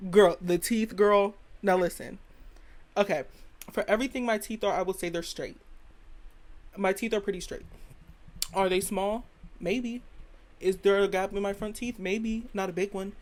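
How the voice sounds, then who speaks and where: A woman's voice: mid-range voice, steady tone, normal speed, pauses often, a little mellow. A young woman hosting her own show, ranting her opinions in a sassy, dramatic, blunt way and swearing freely. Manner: sassy and dramatic, keeps calling the listener "girl". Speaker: podcast host. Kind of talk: casual opinion rant.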